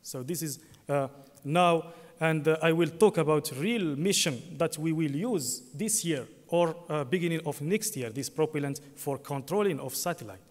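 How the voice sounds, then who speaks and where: The clip captures a technical conference presentation by a man with a high voice. Long reverb fills the hall, and his speech is halting, peppered with fillers and self-corrections.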